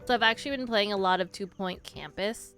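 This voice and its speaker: A woman's voice: mid-range voice, fairly quick, music in the background. A young woman chatting to her stream viewers while gaming, telling a story with lots of fillers and restarts.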